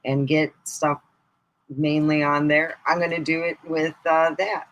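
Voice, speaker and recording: A middle-aged woman chatting casually on a live stream, rambling through funny stories and laughing loudly at her own punchlines. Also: deep voice, flat delivery, unhurried, dull audio. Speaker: comedy streamer.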